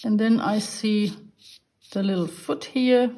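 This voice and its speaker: A woman teaching a beginners' drawing lesson. She talks slowly and patiently and walks through each step as she sketches. Her voice sits at an ordinary middle pitch. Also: warm tone. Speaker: art teacher.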